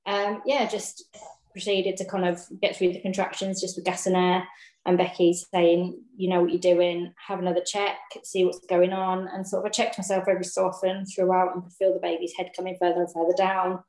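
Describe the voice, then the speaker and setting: Telling her birth story in a casual chat, a woman with a lowish voice talks a little fast, laughing often and animatedly acting out people's lines. The sound carries a roomy echo.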